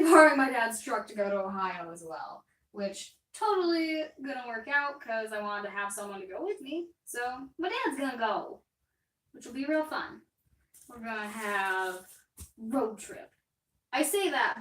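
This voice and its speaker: Young woman, casual livestream chat, rambling, reads out comments, highish voice, roomy echo, distant mic. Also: expressive, unhurried, fairly bright tone. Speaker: artist live-streaming. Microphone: distant mic, moves around while working.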